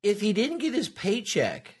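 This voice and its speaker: A man's voice: high voice, huge pitch swings, measured pace, darkish tone, husky. A man co-hosting a podcast in casual chat, teasing and laughing often. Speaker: podcast co-host.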